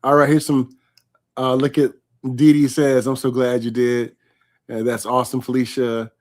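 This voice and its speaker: A man hosts a live online interview in an easy, chatty manner. His voice sits at an ordinary middle pitch, and he keeps breaking off to read comments from viewers aloud. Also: little pitch movement, moderate pace, darkish tone. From California. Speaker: host.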